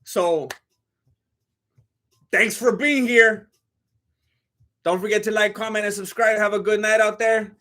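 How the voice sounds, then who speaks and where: A man's voice: sits high, steady tone, unhurried, pauses often, bright, forceful tone. A man hosting a live fight commentary stream, talking in a blunt, joking, chatty way.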